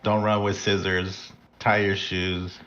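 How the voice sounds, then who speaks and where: A very low male voice, dull and a little lo-fi, delivering dry, flat banter beside a race. He sounds bored even when he says he is excited, and he drops casual swearing in the chat. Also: takes it slowly, slight background noise. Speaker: co-commentator. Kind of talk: casual live race commentary.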